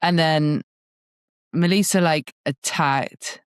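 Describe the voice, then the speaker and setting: A woman's voice: low voice, slow, clear, resonant tone, dry recording, studio quality. A young woman co-hosting a podcast, telling a race story in a chatty, laughing way full of "like". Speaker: podcast co-host, cyclist. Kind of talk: casual chat.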